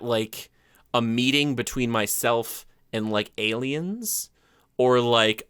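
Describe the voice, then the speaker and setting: Man, podcast co-host, bright tense voice, dry close sound, rambling and enthusiastic. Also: medium pitch, smooth, no echo. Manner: enthusiastic, rambling, many fillers. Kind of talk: casual chat.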